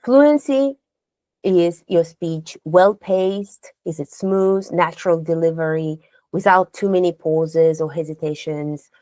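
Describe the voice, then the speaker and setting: A woman's voice: on the low side, slow pace, mellow, no room sound. A woman teaching speech delivery as a contest trainer, asking the learners questions and demonstrating intonation aloud. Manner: coaching, poses rhetorical questions to learners. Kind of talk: instructional lecture.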